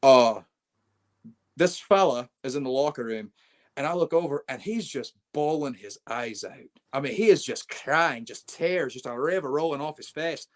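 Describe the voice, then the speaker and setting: A man's voice: mid-range voice, expressive, moderate pace. A brash young man, a wrestling champion, telling swaggering stories in a casual interview and calling people mate.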